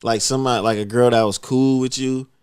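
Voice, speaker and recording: A man's voice: medium pitch, steady tone, fairly quick, darkish tone, clear, resonant tone, dry recording, studio quality. A young man co-hosting a podcast, trading blunt, slangy banter. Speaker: podcast co-host. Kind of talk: casual chat.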